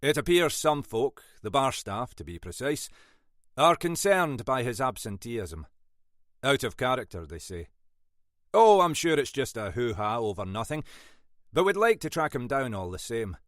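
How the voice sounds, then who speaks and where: A man with a Scottish accent voicing a calm, courteous detective inspector with a quietly dry manner. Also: mid-range voice, normal speed, no echo, voice pushed up.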